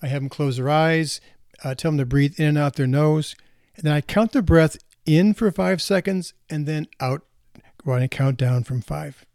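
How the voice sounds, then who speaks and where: A man who works as a counselor for teenage girls, giving calm advice to parents on a podcast. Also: a little high, normal speed, gravelly, dry recording, clean studio sound.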